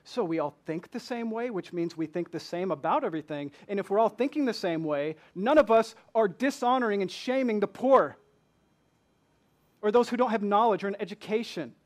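A man's voice: high-pitched, expressive, a little fast. A man from Michigan with a Southern accent, preaching a passionate sermon in a church and asking the congregation many rhetorical questions. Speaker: pastor.

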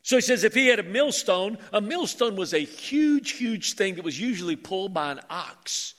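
At a normal speed, a high-voiced, bright-sounding male pastor preaches with lively jokes that engage his congregation. His sermon carries a long reverb from the big church hall after each phrase.

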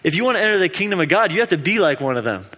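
A man putting on a lively, playful Jesus, voice pushed up high and bright as he laughs off his followers' fuss. The words ring out with a long hall echo behind them. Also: rapid-fire, full character voice. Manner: excited, laughing scolding of followers. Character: playful, easygoing adult male Jesus.

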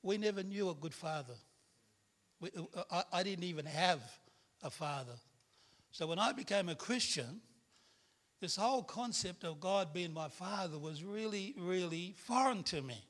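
A man's voice: high-pitched, expressive, normal speed, a bit bright. A middle-aged man, a guest preacher giving a candid personal testimony sermon, laughing at himself as he tells it. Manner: candid storytelling with self-deprecating laughs.

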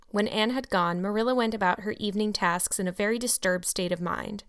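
A woman narrating a chapter of a classic novel for a podcast book club, in measured, clear storytelling. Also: mid-range voice, no echo, clean studio sound. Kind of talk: scripted audiobook narration.

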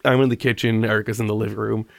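A podcast co-host chats casually and tells stories, animated and laughing a lot. His fairly low voice races along with vocal fry, captured in studio quality with no room sound.

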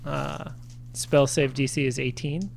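Dude at a tabletop game, slow easy talker, jokes, narrates his guy's moves. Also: mid-range voice, steady tone, gravelly, slight background noise. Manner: jokey, narrates his character's actions. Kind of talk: casual tabletop game chat.

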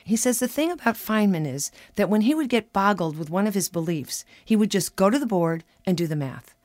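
A woman in her fifties reading her own humorous personal essay aloud on the radio, telling it with a wry, animated lilt. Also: mid-range voice, a little fast, no room sound. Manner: wry, animated storytelling with lively voiced quotes.

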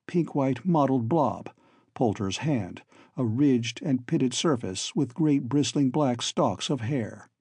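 Male audiobook narrator, first-person story, dark mellow tone, dry close recording, measured. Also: medium pitch, breathy edge, dry recording.

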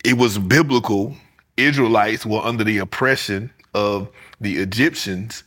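Animated African American man hosting a podcast. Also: a little slow. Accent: African American English. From United States. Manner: animated storyteller, pitch jumps high when acting out stories. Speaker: podcast host. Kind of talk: casual interview chat.

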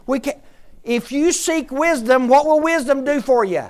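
A woman teaching a Bible class to a room of listeners, lively and joking as she quizzes them. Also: sits high, moderate pace. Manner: lively, jokey, quizzes the audience.

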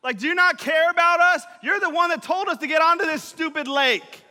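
A man acting out panicking male disciples in a storm, yelling frantically and stretching out the words. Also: very high-pitched, a little fast, voice pushed up, exaggerated voice. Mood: panicked. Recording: reverberant hall.

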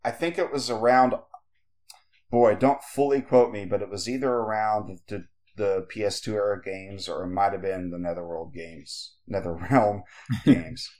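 A man co-hosting a podcast rambles through casual chat, leaning heavily on fillers. He speaks at normal speed with a fairly even intonation, his voice on the low side and a touch mellow.

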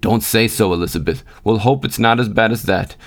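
A man's voice: lowish voice, fairly quick. A man voicing a fretful, tearful woman of about sixty who rambles in lament. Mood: musing. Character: elderly mother-in-law, tearful and fretful.

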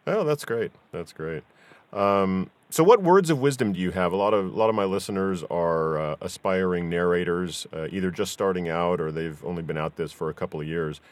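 A man's voice: low-pitched, a little fast, dry recording. A man hosting a podcast interview, easygoing and affirming, with lots of fillers. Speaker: podcast host. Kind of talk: casual interview chat.

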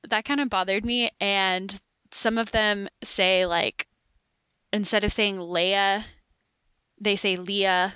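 A woman's voice: medium pitch, fairly even intonation, a little slow, pushed and bright, smooth, no echo, lo-fi sound. A woman chatting casually on a podcast, laughing often. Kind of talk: casual chat.

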